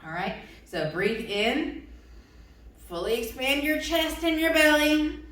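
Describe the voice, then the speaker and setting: A woman's voice: high-pitched, slow, a bit bright. A woman leading a yoga routine for children and their adults, cheerful and encouraging, coaxing them along with questions. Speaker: kids' yoga instructor. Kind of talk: guided yoga instruction for children. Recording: very echoey room, far from mic.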